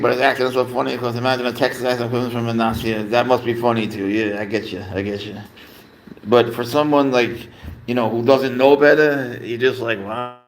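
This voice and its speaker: A man's voice: mid-range voice, a bit bright, a little hiss or hum. Rambling man chatting on a home livestream. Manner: rambling, filler-heavy, talks to his cat and viewers. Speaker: livestream host, pet owner. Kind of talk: casual livestream chat. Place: home room.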